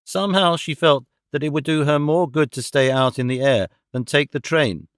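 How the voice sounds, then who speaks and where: A man narrating an audiobook in a steady, even-toned way on a close studio mic. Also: a little high, normal speed, dry recording. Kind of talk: scripted narration.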